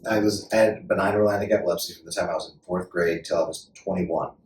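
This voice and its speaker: An American actor as a podcast guest, telling a story in a lively, laughing way and acting out voices. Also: male voice, sits low, quick pace, slight background noise. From United States. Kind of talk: animated storytelling. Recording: roomy room, distant mic.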